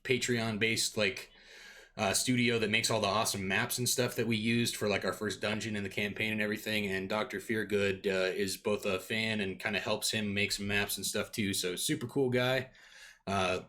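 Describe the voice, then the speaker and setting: A man's voice: lowish voice, fairly even intonation, normal speed, pushed and bright. A young man running a tabletop game, chatting casually and upbeat with many fillers. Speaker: game master.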